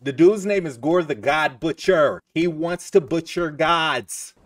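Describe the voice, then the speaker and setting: A man casually reacting to a movie for his channel, loose and excitable, laughing often. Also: fairly high pitch, unhurried, distant mic.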